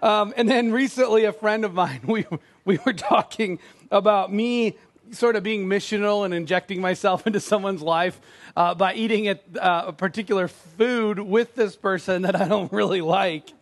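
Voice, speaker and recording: High-voiced pastor, conversational sermon. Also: male voice, normal speed. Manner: conversational, self-deprecating, acts out quoted lines.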